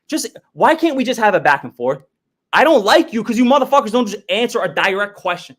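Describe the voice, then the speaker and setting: A man's voice: sits high, sing-song, fairly quick, fairly bright tone. Heated, profane man demanding answers. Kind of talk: confrontational livestream argument.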